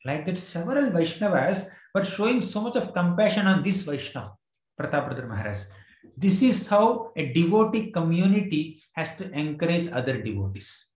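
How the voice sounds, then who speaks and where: A man's voice: fairly high pitch, very animated, normal speed, darkish tone, roomy sound, poor audio. A man giving a scripture class, retelling a story with quoted verses and frequent fillers. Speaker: spiritual teacher.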